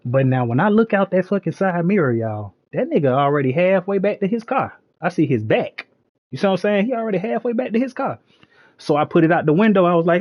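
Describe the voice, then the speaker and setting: A man on a live stream, telling a story in an animated, slangy way with lots of "you know what I'm saying.". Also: a little high, fairly quick, no echo, muffled recording. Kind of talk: casual storytelling.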